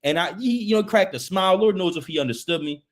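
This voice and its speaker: A man's voice: high voice, animated, fast. A man speaking as an interview guest, earnest and open, in casual slang.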